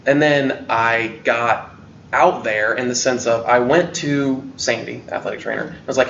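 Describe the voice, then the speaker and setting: A man's voice: medium pitch, steady tone, a little slow, gravelly, fairly bright tone, a little hiss or hum. A man hosting a casual talk, thoughtful and explaining his points with frequent fillers. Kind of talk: casual conversation. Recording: echoey distant lo-fi sound.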